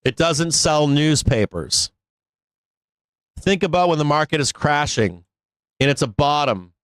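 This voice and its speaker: Middle-aged male stream host, slightly high voice, profane and sarcastic, dry close mic. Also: clear, resonant tone, no room sound. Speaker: live trading stream host. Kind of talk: casual live-stream rant.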